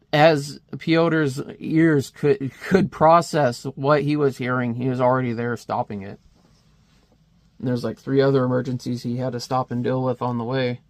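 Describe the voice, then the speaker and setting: A man's voice: mid-range voice, no room sound. A man casually reviewing a comic, chatty and wry, with many fillers.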